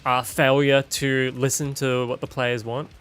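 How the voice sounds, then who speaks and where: A man's voice: medium pitch, little pitch movement, measured pace, fairly bright tone. Blunt, profane male game streamer. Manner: blunt, profane, opinionated ranting. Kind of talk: casual gaming stream commentary. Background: game music.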